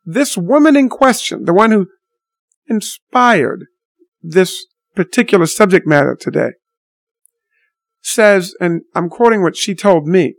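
A man's voice: sits high, lively intonation, unhurried, pauses often, no room sound. A man telling a story to his viewers in an unscripted monologue, blunt and indignant, with mild swearing. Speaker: vlogger addressing viewers.

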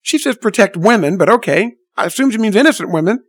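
A man's voice: high voice, expressive, fast, few pauses, dry recording. A man telling a story to his viewers in an unscripted monologue, blunt and indignant, with mild swearing. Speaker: vlogger addressing viewers.

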